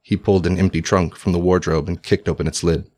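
A male narrator reading a historical tale aloud. His voice is low and deep, and his delivery is measured and formal. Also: little pitch movement, mellow. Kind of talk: audiobook narration.

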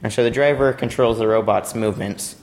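A man's voice: medium pitch, fairly even intonation, a little fast. A young man from a robotics team giving a casual, rambling explanation of a competition robot, with playful asides.

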